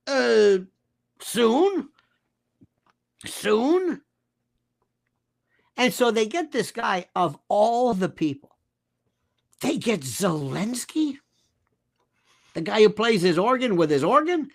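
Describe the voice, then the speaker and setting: This American guest commentator has a high-pitched, very animated voice, speaking a little slowly with long pauses. He rants emphatically and sarcastically about politics, hopping from one topic to the next.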